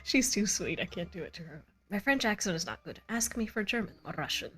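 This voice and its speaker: A woman game master chatting casually at the end of a live tabletop stream, bubbly and quick to giggle, on a desk microphone at home. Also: mid-range voice, lively intonation, a bit bright.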